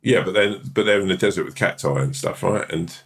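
A man's voice: deep voice, brisk. A man co-hosting a casual comedy podcast, swearing freely and acting out scenes as he tells them. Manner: animated, sweary, acts out scenes. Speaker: podcast co-host. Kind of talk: casual comic chat.

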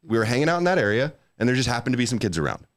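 A man hosts a casual livestream in a playful, defensive, joking tone. His pitch swings widely as he talks. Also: rapid-fire. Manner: animated, playful, defensive teasing. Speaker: livestream host.

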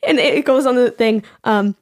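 A woman's voice: on the high side, normal speed. A young woman co-hosting a podcast, telling a story in casual chat, acting out quotes, laughing often and swearing. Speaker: podcast co-host.

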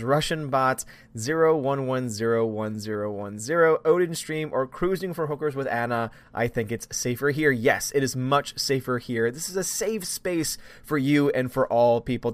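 A man's voice: medium pitch, animated, normal speed, dry recording. A man hosting a casual live stream, greeting viewers by name and reading their comments aloud.

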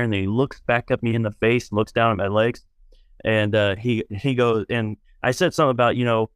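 A man, a minister and podcast guest, tells a long story in conversation, with rambling restarts and fillers that turn animated in the lively parts. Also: on the low side, smooth, no room sound, clean studio sound. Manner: rambling, many restarts and fillers, animated when telling stories.

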